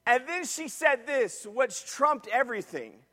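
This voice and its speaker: High-voiced preacher in an echoing hall. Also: male voice, animated, a little slow, bright, forceful tone. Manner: emphatic preaching, repeats phrases and asks the congregation questions. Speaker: pastor. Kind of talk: sermon. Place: church sanctuary.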